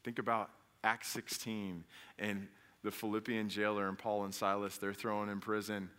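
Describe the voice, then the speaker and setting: A man preaching a casual, conversational sermon, his voice bright and forceful. He keeps turning to the congregation with questions, then jumps to loud, emphatic peaks. He sounds like a father speaking plainly to his church. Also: on the low side, little pitch movement, normal speed, clean tone. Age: adult father. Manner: talks directly to the congregation with questions.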